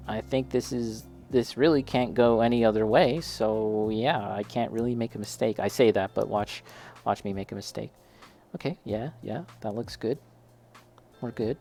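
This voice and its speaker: A man's voice: medium pitch, darkish tone. A man chatting casually while building a model kit, talking straight to a friend and laughing often.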